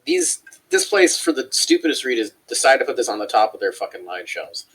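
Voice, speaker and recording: A man's voice: medium pitch, huge pitch swings, a little fast, fairly bright tone, slightly rough, low-quality recording. A man co-hosting a casual chat show, telling a long, profane story and acting out the people in it. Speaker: co-host.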